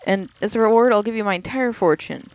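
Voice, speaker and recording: A let's player voicing an eager little creature boy from a video game, in a high squealing voice. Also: quick pace, dry recording, lightly acted. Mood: overjoyed. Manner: squealing, high-pitched cheers.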